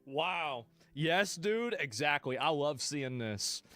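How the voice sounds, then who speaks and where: A man streaming live, reacting bluntly to clips with profanity and sudden loud outbursts. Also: on the high side, expressive, slow, soft background music.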